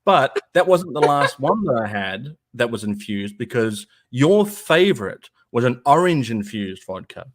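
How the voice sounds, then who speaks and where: A man's voice: medium pitch, measured pace, few pauses. Laughing Australian man in casual chat. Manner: laughs often, self-deprecating, animated storytelling. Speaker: co-host.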